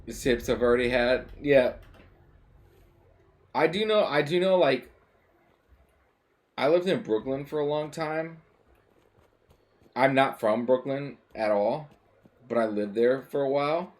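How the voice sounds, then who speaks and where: A man's voice: medium pitch, measured pace, long pauses. Rambling, swearing male game streamer. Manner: rambling and swearing, with many fillers and restarts. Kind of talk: casual chat while gaming.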